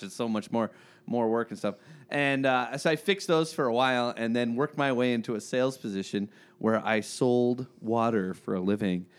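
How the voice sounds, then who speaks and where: A man, a pastor, hosting a podcast chat in a friendly, joking way and laughing along with his guests. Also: on the low side. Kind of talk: casual podcast conversation.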